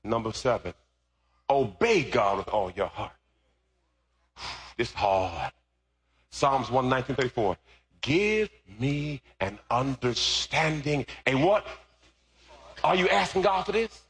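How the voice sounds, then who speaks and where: A male pastor preaching a sermon, moving from relaxed storytelling to loud, fervent, shouted preaching. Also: medium pitch, measured pace, long pauses, husky.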